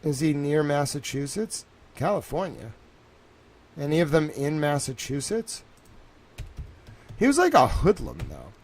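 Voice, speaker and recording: Young male streamer talking from home, rambling and worked up, a touch high-pitched. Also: a little slow, long pauses. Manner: excitable, repeats himself, says "bro" and "like" a lot. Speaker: live streamer. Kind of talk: rambling live stream monologue.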